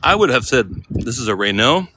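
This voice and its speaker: A man's voice: mid-range voice, normal speed, low-quality recording. A man talking casually as he walks through a city for a vlog, rambling and laid-back, laughing often and using slang. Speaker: vlogger. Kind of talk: casual walking vlog chat. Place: city streets outdoors. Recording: outdoor street noise behind.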